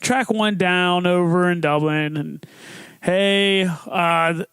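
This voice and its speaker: A young man hosting a podcast, telling a story in a casual, profane, animated way, acting out quotes. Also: high voice, takes it slowly, smooth, no echo. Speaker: podcast host.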